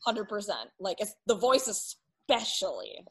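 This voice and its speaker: A woman's voice: medium pitch, big pitch swings, unhurried, fairly bright tone, husky, rough recording. Gushing young woman co-host. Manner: enthusiastic fan, lots of "like". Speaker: podcast co-host. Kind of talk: casual chat.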